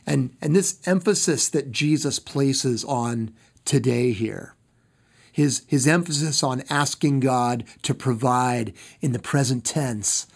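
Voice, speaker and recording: A man preaching a sermon as pastor, slow and deliberate, repeating phrases for emphasis and trailing off softer at the ends of phrases. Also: mid-range voice, breathy edge.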